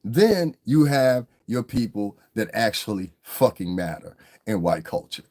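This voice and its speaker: A man's voice: lowish voice, big pitch swings, unhurried, darkish tone. A man in a casual livestream rant, talking in a blunt, heated, profane way as the show's commentator.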